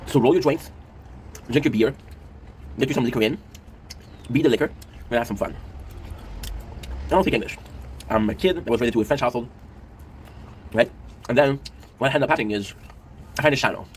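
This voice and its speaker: Casting note: man in his thirties, quick-paced rambling host, emotional and sweary, faint hum behind. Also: mid-range voice. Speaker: commentary show host. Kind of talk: casual chat to camera.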